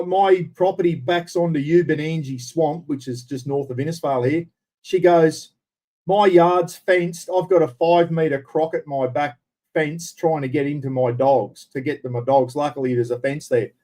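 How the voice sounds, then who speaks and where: Australian man, livestream chat, blunt and rambling, slightly high voice, warm tone. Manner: blunt, rambling, casual swearing. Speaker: livestream host. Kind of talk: casual livestream chat answering viewers.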